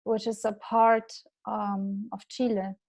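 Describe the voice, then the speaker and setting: A woman in her thirties with a German accent, a native German speaker, talking as a podcast guest in a halting way and laughing often. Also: mid-range voice, little pitch movement, a little mellow. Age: 30s. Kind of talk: casual interview chat.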